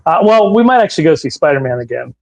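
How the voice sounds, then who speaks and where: A man's voice: fairly high pitch, big pitch swings, quick pace, creaky, darkish tone. A man co-hosting a podcast, mostly giving short reactions and laughing in casual chat. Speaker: podcast co-host.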